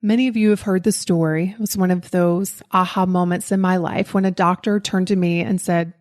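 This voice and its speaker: A woman from the Southern United States with a faint Southern accent, a podcast host giving a motivational talk and telling a personal story in a lively way. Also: on the low side, a little fast, few pauses. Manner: lively storytelling, acts out quoted voices. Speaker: podcast host and life coach.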